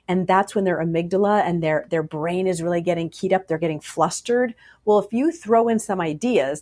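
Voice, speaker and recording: A woman psychologist answering interview questions about parenting, animated and acting out the voices of parents and kids. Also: lowish voice. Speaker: child psychologist guest.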